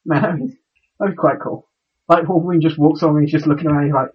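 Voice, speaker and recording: Husky-voiced man, halting podcast chat. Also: on the high side, steady tone, highs cut off. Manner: halting, stumbles over words. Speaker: podcast co-host.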